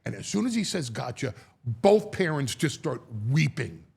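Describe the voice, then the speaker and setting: A lively middle-aged man with a gravelly, husky voice, spinning a story in an interview. He swings his pitch widely, stumbles over repeated words, and acts out the voices of the people in his tale. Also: normal speed. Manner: animated, repeats words when moved, acts out quoted voices. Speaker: guest.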